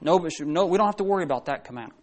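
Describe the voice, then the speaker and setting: A man's voice: a little high, lively intonation, rapid-fire, a little mellow. A man preaching a sermon to a congregation, talking in a conversational way, asking questions and often restarting his sentences.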